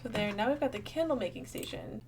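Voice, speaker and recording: A woman's voice: fairly high pitch, animated, fast talker, background noise. A young woman giving casual, bubbly gameplay commentary, thinking aloud and chatting to her viewers. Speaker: gaming channel host.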